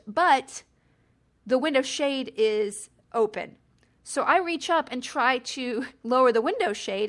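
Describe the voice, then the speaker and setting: Chatty woman telling a story. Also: fairly high pitch. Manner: chatty, animated, self-deprecating asides. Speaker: podcast host. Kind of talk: casual storytelling.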